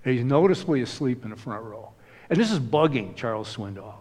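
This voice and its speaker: A man's voice: mid-range voice, lively intonation, brisk, a little mellow, slightly rough, in a large hall. A man preaching a sermon in a conversational way, with many casual asides. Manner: conversational, frequent "you know" asides. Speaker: pastor.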